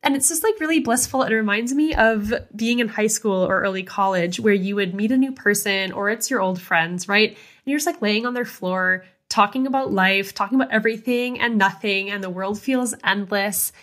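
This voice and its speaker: A young woman talks through a beloved book in easy chat, earnest and a little breathless with feeling. She is full of fillers and restarts, and her voice sits at an ordinary middle pitch. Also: normal speed, few pauses, a bit bright. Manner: earnest and gushing, lots of "like" and restarts. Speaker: podcast book club host. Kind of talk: casual chat.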